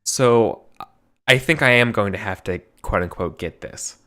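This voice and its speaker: A man with a Californian accent and a fairly low voice, rambling through his turn in a tabletop game. He restarts often and laughs along with the others as he talks. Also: a little slow, fairly bright tone. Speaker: player. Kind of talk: casual tabletop play.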